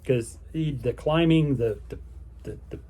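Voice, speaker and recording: A man talking through his day for a vlog in a loose, rambling way, stopping and restarting often with plenty of fillers. His voice sits at an ordinary middle pitch, and he sounds easygoing and upbeat throughout. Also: measured pace, dark tone. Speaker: vlogger on a canal boating holiday. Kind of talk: casual spoken recap.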